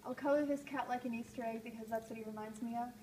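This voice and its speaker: Lady hosting a live art call-in show, kinda high voice, rambles and trails off, lots of room noise. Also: steady tone, fast, darkish tone. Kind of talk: live stream chat while drawing. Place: art gallery, indoors. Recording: noisy live stream room.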